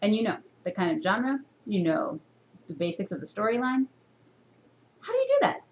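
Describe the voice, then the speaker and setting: Woman lecturing on reading to a camera, teacherly, many rhetorical questions, mid-range voice, pitch leaps for emphasis, faint noise behind. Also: normal speed. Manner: expressive jumps in pitch for emphasis. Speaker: university reading instructor. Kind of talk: recorded classroom lecture.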